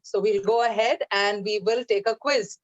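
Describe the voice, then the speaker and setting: A woman's voice: medium pitch, steady tone, moderate pace, no echo, highs cut off. A woman moderating an online class, speaking casually with hesitant fillers.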